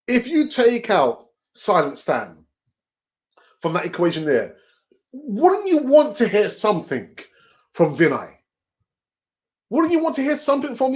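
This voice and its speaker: Man, casual live-stream host, laughs a lot, lively pitch, lo-fi sound. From North London. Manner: chatty, laughs often, does quick voices. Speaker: fan channel host.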